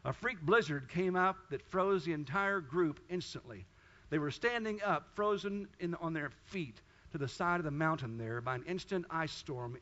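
A man's voice: fairly high pitch, a bit bright, lo-fi sound. A man pastor preaching a sermon, telling a story and then rising into fervent, pleading prayer.

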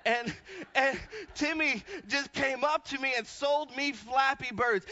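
A young man preaching a sermon as a youth pastor, fervent and rising to shouts, often stumbling over repeated words. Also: very high-pitched, a little slow. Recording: dull lo-fi sound.

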